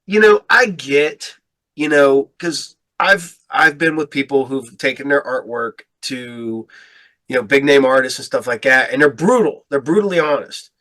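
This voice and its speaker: A man's voice: medium pitch, unhurried, bright, forceful tone. A man hosting a casual podcast chat, speaking in loose sentences that trail off and restart. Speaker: podcast host.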